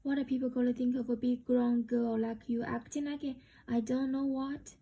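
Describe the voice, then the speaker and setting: A woman reading a novel aloud, voicing a young woman who pleads and scolds sharply, with a husky, gravelly voice. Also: fairly high pitch, flat delivery, moderate pace, dark tone. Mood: scolding.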